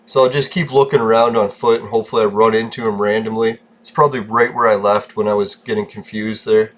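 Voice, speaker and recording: A man's voice: on the low side, fairly even intonation, fast. A man giving casual gameplay commentary, ranting and swearing often, in a short-tempered, irritable way. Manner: profane, ranting, easily irritated. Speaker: gaming vlogger.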